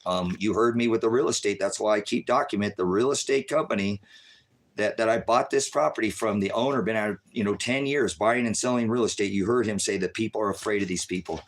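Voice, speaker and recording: A stressed man rambling through an agitated live-stream rant, jumping between loud outbursts and low muttering. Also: brisk.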